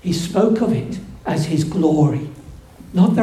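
A man preaching a sermon, slow and emphatic, building to fervent peaks. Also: on the high side, lively intonation, dark tone, slight background noise. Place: church. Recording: echoey church room.

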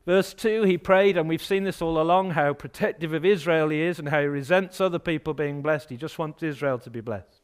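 A man from England preaching a sermon, rising to loud, emphatic outbursts as he voices objections. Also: fairly high pitch, brisk, few pauses, clear, resonant tone.

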